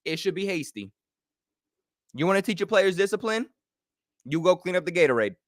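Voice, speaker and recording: A young man hosting a fan watch party, giving live play-by-play and reactions, calm in his breakdowns and yelling at big plays. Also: high voice, moderate pace, dry recording, clean studio sound. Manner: excitable, swings from calm analysis to yelling.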